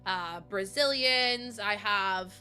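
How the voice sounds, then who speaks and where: Young streamer, woman, bright crisp tone, excitable and quick to laugh. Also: medium pitch. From Northern Ireland. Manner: excitable, gushing, breaks into laughter. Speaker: livestreamer. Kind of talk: casual livestream chat.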